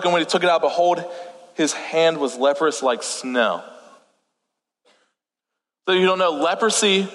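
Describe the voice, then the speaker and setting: A man's voice: on the high side, a bit bright. A young man, a pastor, giving a casual sermon with joking asides and scripture readings, with a slight lisp and stutter. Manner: chatty, joking asides, reads scripture aloud. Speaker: youth pastor. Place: church hall. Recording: long hall reverb.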